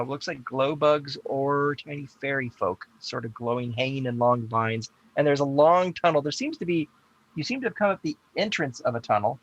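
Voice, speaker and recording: Game master man, gravelly voice. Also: medium pitch, a bit bright, muffled recording. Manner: halting, lots of uh fillers. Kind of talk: narrating a tabletop game.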